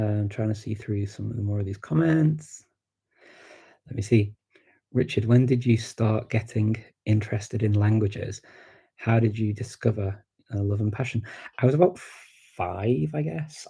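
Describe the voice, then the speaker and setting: A man's voice: on the low side, vocal fry, dark tone, husky. A man with a Scouse accent from Liverpool, rambling casually through a live-stream Q&A and reading viewer questions aloud. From Liverpool, England. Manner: chatty and rambling, with many fillers and restarts. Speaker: language-learning streamer answering viewer comments.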